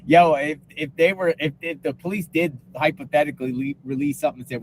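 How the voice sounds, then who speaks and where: A man speaks from behind the wheel of a moving car, worn out from lack of sleep and tossing off sarcastic remarks with little laughs. His voice sits a bit high for a man. Steady road and engine noise runs under everything he says. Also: brisk, hardly any pauses, low-quality recording. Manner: sarcastic, chuckling asides. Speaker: livestream host driving around. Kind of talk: casual live commentary from a car. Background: vehicle noise.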